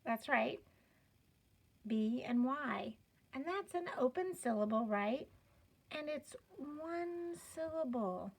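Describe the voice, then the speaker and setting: A woman's voice: high-pitched, expressive, slow, creaky, slightly rough. A woman teaching a children's phonics lesson, sounding out letters patiently and encouraging the learners. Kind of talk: slow step-by-step reading lesson.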